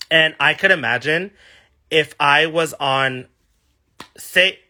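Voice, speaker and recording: A man's voice: a little high, drawn-out words, creaky, sharp tone. A man in his thirties chatting casually on a livestream, answering fan questions with a gushing, sassy manner. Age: 30s.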